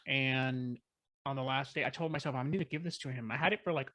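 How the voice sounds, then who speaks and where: Bright-voiced man telling a story excitedly. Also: medium pitch, quick pace. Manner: excited, rambling with many fillers and restarts. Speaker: guest filmmaker. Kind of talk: casual storytelling.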